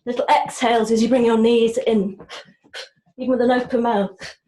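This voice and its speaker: A woman yoga teacher calmly guiding a class through breathing and movement, cueing each breath. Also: a little high, echoey room, low-quality recording. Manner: slow, soft-spoken cueing of breath and movement. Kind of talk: guided yoga class instruction.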